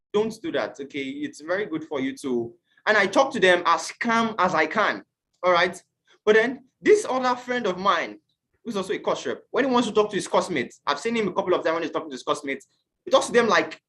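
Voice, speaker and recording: A man from Nigeria teaching an online class, earnest and questioning, at times acting out shouted quotes. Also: high-pitched, lively intonation, fast. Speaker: youth teacher.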